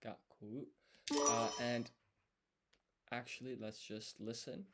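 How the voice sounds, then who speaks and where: A man studying on a live stream, thinking aloud as he writes and explaining each step in a deliberate, self-correcting way. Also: medium pitch. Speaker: language learner streaming his study.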